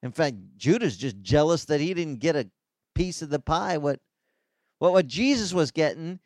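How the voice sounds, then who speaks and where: A man, a pastor, preaching a sermon with animated delivery and sudden leaps in pitch. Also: brisk, no room sound, clean studio sound.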